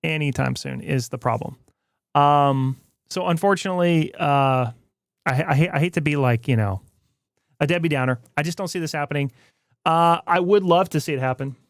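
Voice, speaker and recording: A man's voice: a little high, moderate pace, creaky, no echo, clean studio sound. A man hosting a casual stream, rambling and skeptical, with frequent restarts and jokes. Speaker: streamer host.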